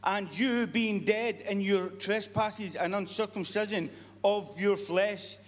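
A man with a high voice preaches a sermon, earnest and repetitive, often stumbling and restarting mid-sentence. His voice rings with the long reverb of a church hall. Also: slow pace.

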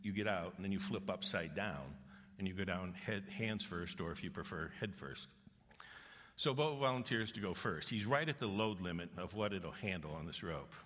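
During a sermon in a church auditorium, a middle-aged pastor speaks in a deep, fairly bright voice, animated and at a moderate pace. He tells stories earnestly and acts out the people in them with quoted voices. Long large-hall reverb fills the recording.

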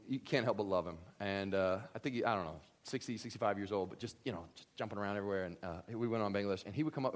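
A man preaching a sermon, animated and humorous, swinging between loud excited bursts and hushed, quiet emphasis. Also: mid-range voice. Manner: humorous storytelling asides. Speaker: pastor.

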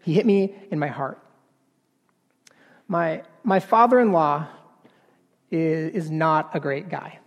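Man, sermon, earnest, halting repeats, unhurried delivery, reverberant hall. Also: a little high, gravelly. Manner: earnest, halting with repeated words, swelling to emphatic passages. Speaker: preacher.

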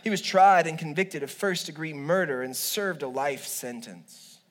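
Animated joking pastor man. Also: a little high, moderate pace. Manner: humorous, animated storytelling with asides. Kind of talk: sermon.

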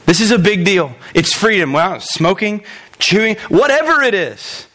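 A pastor with a strikingly high voice preaches in his church. He jokes with the congregation, then leans hard into his points with emphatic repetition. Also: a little slow. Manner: animated, joking, emphatic preaching. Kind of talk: sermon.

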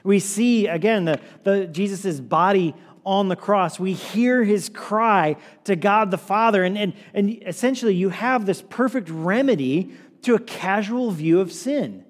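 Man, pastor, sermon, earnest preaching, repeats himself, church hall reverb. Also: unhurried. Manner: earnest preaching, repeats words, drops low and quiet for emphasis.

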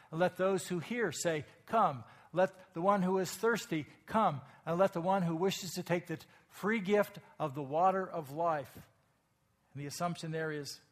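A man preaching a sermon, explaining scripture earnestly and raising his voice when he reads the verses aloud. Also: fairly high pitch. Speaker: pastor.

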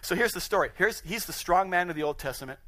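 A man preaching a sermon in an animated, conversational way, often chuckling at his own points. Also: high-pitched, fast talker. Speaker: pastor.

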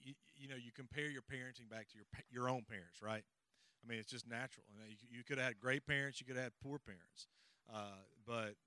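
A man's voice: mid-range voice, fairly even intonation, brisk, pushed and bright, clean tone, no echo. A middle-aged man, co-presenting a parenting seminar in a folksy, rambling way with stories and audience check-ins. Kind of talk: conversational teaching with personal stories.

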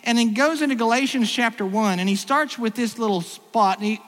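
High-voiced preaching man in a reverberant hall. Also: a little fast, fairly bright tone. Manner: conversational preaching, rhetorical questions, frequent restarts. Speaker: pastor. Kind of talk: sermon.

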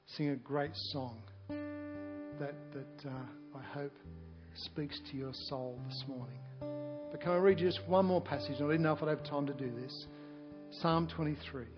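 A male pastor delivers a sermon in an earnest, pleading voice that sits fairly high. The recording sounds dull and lo-fi. A guitar plays faintly behind him. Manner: earnest and pleading, building to fervent scripture reading. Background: faint guitar music.

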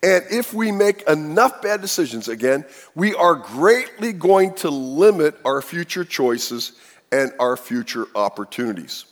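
A man preaching a sermon as pastor, talking in an animated way with many rhetorical questions. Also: on the high side, unhurried. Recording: reverberant hall.

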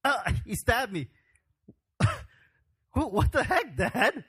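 A man's voice: extremely high pitch, very animated, takes it slowly, pushed and bright, slightly rough, voice pushed up, exaggerated voice. A man playing young Isaac, complaining in an exaggerated, comic way. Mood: comic outrage.

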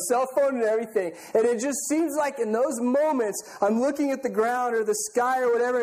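A man's voice: very high voice, darkish tone, rough recording. A middle-aged male pastor preaching a sermon, telling stories in an earnest, conversational way with frequent restarts.

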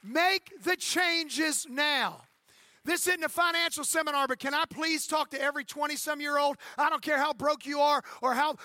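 A man's voice: very high-pitched, normal speed, bright, forceful tone, no room sound, clean studio sound. A man in his fifties, a pastor preaching an emphatic sermon and calling out for amens. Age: 50s. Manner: emphatic preaching with calls for amen.

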